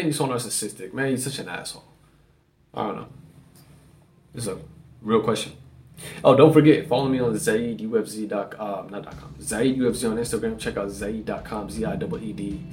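A man's voice: fairly low pitch, a little fast, a little mellow, a little hiss or hum. A man hosting a solo podcast and rambling casually, with lots of swearing and "like" fillers. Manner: loose and profane, with many "like" fillers. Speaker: podcast host.

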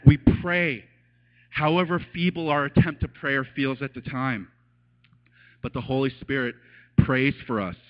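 A man preaching a casual, animated sermon as a pastor, telling stories and acting out voices with laughs. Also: mid-range voice. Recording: dull lo-fi sound.

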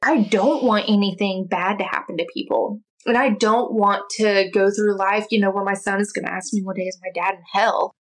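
Woman guest, mid-pitched, earnest and heartfelt, sharing a faith testimony. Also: fairly even intonation, rough recording. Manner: earnest and heartfelt, with quick restarts. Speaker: interview guest. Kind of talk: personal faith testimony in conversation.

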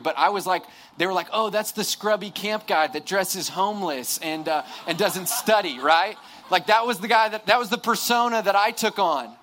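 A man's voice: high voice, pushed and bright. A young man speaking to a live audience, telling a humorous, self-deprecating story in a sermon, with many restarts and asides. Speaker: campus ministry speaker.

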